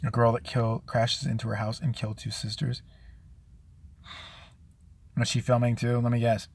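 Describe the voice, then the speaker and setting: A man's voice: mid-range voice, flat delivery, moderate pace, creaky, breathy edge. A man hosting his own show, delivering a crude, sarcastic comedic rant and slipping into mocking impressions of other people. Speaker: show host.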